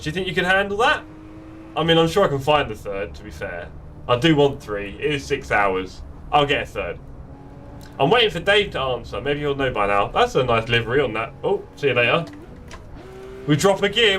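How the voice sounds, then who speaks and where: A man's voice: a little high, expressive, a little fast, fairly bright tone, far from the mic, slight background noise. A man chatting playfully with friends while live-streaming a sim racing game. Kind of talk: live gameplay chat. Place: home sim racing setup.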